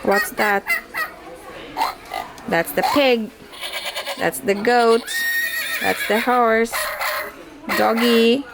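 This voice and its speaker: A woman showing a baby a sound book, speaking in a gentle sing-song and imitating animal noises. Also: a little high, fairly even intonation, extremely slow, gravelly, long pauses, heavy background noise. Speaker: caregiver playing with a baby.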